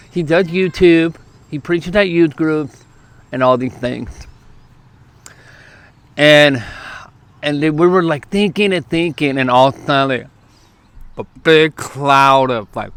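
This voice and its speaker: A man's voice: medium pitch, smooth, no room sound. Man telling a story at a park. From California. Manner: lively, quick bursts, acts out quoted lines. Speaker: youth preacher. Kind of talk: casual storytelling to camera. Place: outdoors at a park.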